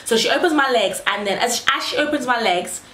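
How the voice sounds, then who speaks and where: A woman's voice: a little high, brisk. Woman telling a story, echoey room. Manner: animated, acts out quotes in raised voices. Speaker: vlogger. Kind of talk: casual storytelling to camera. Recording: echoey room, faint noise.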